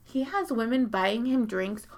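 A woman in casual chat, telling a long story full of fillers and swearing and jumping into high, loud voices when she quotes people. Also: animated, a little slow. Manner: rambling, profane, heavy filler words.

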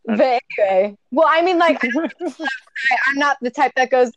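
A woman's voice: high voice, lively intonation, a little fast, background noise. A young adult woman co-hosting a podcast in casual chat, talking candidly, swearing freely and laughing often. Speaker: podcast co-host.

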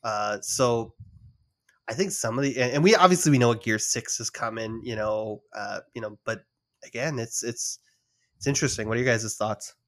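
In this casual gaming podcast about game news, the host speaks in a mid-range, slightly bright voice at a moderate pace. He rambles while reading out a list of rumored titles, often starting over.

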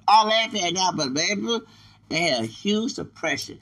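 A man hosting a casual podcast monologue, animated and laughing, mimicking reactions with sudden shrieks. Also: high voice, takes it slowly, pauses often, husky, shouting. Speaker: podcast host.

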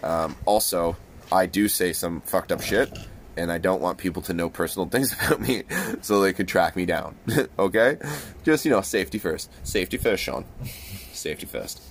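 A man's voice: deep voice, normal speed, slight background noise. A man hosting a casual late-night podcast chat on a balcony, joking loosely and swearing freely. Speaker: podcast host.

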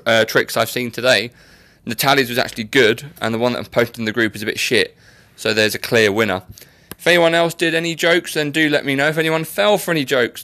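A young man talks his way through a casual solo podcast, rambling and poking fun at himself. His voice sits at an ordinary middle pitch. The sound is close and dry. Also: bright, forceful tone, no room sound. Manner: chatty and rambling, self-mocking. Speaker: podcast host.

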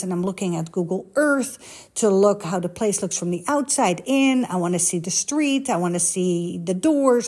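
A woman's voice: medium pitch, a little mellow. A woman chatting candidly and confessionally, telling personal stories and acting out the voices of people she quotes. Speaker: social media coach. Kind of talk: confessional casual chat.

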